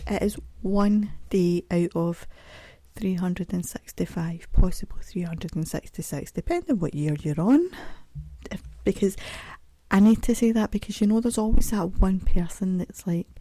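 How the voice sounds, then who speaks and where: A woman's voice: medium pitch, measured pace, mellow, no echo. A middle-aged Scottish woman hosting a podcast alone, chatting in a rambling, self-mocking way. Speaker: podcast host. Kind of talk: casual solo podcast chat.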